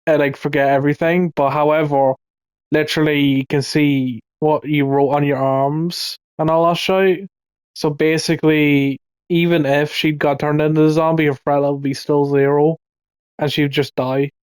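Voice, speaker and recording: A man's voice: fairly high pitch, level tone, moderate pace, darkish tone, clean tone, dry recording. A man giving casual, ranting commentary in a rambling way, swearing often and restarting his sentences. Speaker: video commentator.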